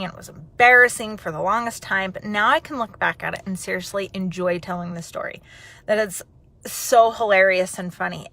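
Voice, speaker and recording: A woman telling a personal story in a chatty, animated way, then turning it into an encouraging message. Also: mid-range voice. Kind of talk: personal storytelling and motivational talk.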